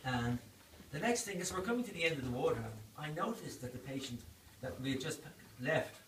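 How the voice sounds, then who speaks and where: An Irish man in his fifties tells stories at his own birthday party in a fairly high voice, laughing through the punchlines. He is caught from a distance in an echoing room. The party noise around him stays clearly audible. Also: animated, fairly quick, fairly bright tone. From Ireland. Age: 50s. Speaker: doctor giving a birthday speech. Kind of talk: anecdotal party speech. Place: indoor party venue.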